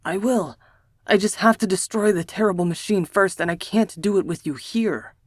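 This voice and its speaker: A woman reading the part of a protective young male mage brother, speaking softly and urgently in an audiobook. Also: medium pitch, normal speed, dry recording, clean studio sound, lightly acted. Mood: tender urging.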